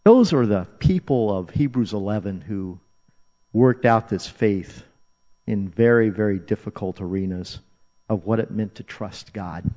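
A man's voice: lowish voice, animated, measured pace, dark tone. A man preaching a sermon as pastor, earnest and repeating phrases for emphasis. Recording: dull, reverberant hall recording.

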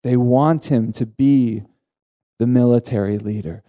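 A male pastor delivering an earnest sermon with emphatic rises in pitch. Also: a little slow, warm tone.

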